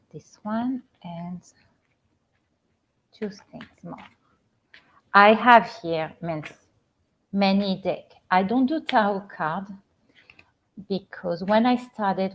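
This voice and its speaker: A middle-aged woman with a French accent, a spiritual coach hosting a casual live stream from home, talking gently with many halting restarts. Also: medium pitch. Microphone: computer or phone camera on a live stream. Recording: slightly dull lo-fi stream audio.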